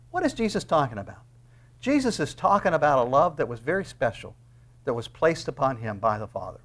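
An older man preaching a sermon, swinging from hushed asides to loud, impassioned lines and acting out quoted voices. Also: on the high side, big pitch swings, normal speed.

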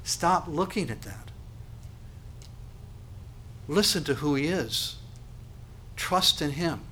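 A man preaching a sermon, emphatic and full of rhetorical questions, swinging from quiet to loud. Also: fairly high pitch, lively intonation, slow, husky. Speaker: pastor.

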